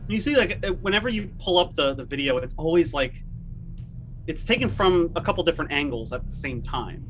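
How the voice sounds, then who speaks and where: A man running a tabletop game as game master, narrating in a loose, halting way with many restarts, over background music. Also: a little high, noisy background.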